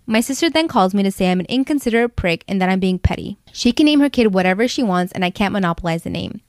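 A woman reading stories aloud in a quick, steady storytelling delivery. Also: mid-range voice, no room sound, clean studio sound.

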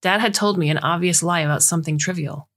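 Woman, audiobook narrator, scripted narration, measured, low-pitched. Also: fairly bright tone. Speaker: audiobook reader.

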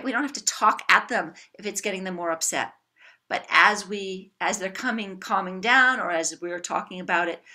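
A woman giving an animated workshop talk to a room of parents, coaching them with acted-out examples. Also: mid-range voice. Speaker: parenting educator. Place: room with an audience.

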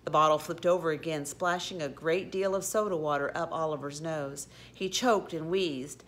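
A woman reading a children's storybook aloud, expressive with occasional slips and restarts. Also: low-pitched, normal speed, few pauses. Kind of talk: storybook read-aloud narration.

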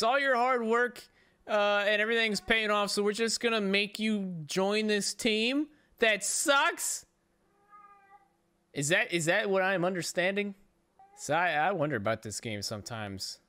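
A man streaming a racing game, commenting excitedly, swearing and yelling at rival drivers. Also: high-pitched, smooth. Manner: excitable, profane, yells at rivals. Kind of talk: gameplay commentary.

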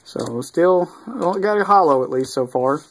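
A man's voice: fairly high pitch, measured pace. Easygoing man listing cards aloud. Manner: easygoing, reads off cards one after another; mildly excited asides with fillers. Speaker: video creator opening card packs. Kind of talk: casual unboxing commentary.

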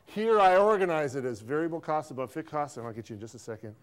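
A man's voice: on the high side, big pitch swings, quick pace. A middle-aged man lecturing an accounting class, playful and teasing, quizzing students and repeating his praise. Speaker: accounting professor.

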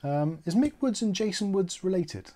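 A man's voice: high-pitched, expressive, moderate pace, warm tone. Chatty man hosting a tech stream. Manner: rambling, jokey, self-correcting. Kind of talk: live-stream chat.

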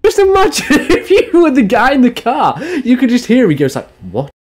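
A man's voice: very high voice, wildly swooping pitch, moderate pace. A man giving loose, joking reaction commentary on video clips, swearing and laughing as he goes. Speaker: YouTube commentator.

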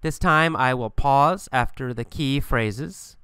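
A man's voice: medium pitch, slow pace, clear, resonant tone, no room sound, clean studio sound. A man teaching English through a funny mini story, asking and answering simple questions with strong emphasis. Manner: animated, repetitive, emphatic questioning.

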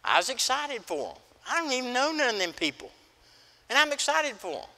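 A man's voice: very high-pitched, very animated, brisk, pushed and bright. A middle-aged man preaching a sermon as pastor, folksy and emphatic, telling stories. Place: church sanctuary. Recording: church hall reverb.

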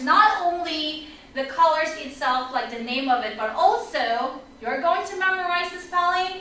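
A woman teaching an online English lesson for children, energetic and upbeat, leading repeat-after-me drills. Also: very high voice. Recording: echoey room, mic at a distance.

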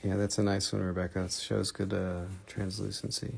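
A man's voice: sits low, little pitch movement, moderate pace, gravelly, slightly rough. A man with a Russian accent hosting a live crystal sales stream, playful and in broken English. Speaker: online crystal seller.

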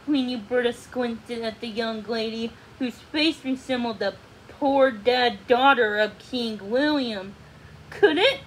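A woman slowly reading a children's storybook aloud in a read-along, with a faint hiss behind her. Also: on the high side, low-quality recording. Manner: slow, careful reading with small restarts. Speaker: storybook reader.

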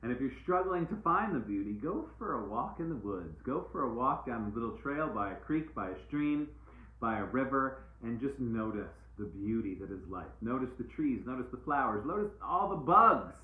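A man's voice: medium pitch, expressive, moderate pace. A man giving a casual, playful live-stream oracle card reading, repeating uplifting phrases like mantras. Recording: echoey room, tinny phone-like sound.

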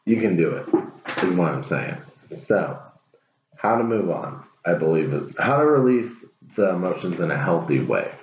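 Low slow guy doing a tarot reading, earnest and pep-talky, echoey room. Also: big pitch swings, a little hiss or hum. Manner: earnest, encouraging, rambling. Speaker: tarot reader. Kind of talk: casual tarot reading to viewers. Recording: echoey room, dull lo-fi sound.

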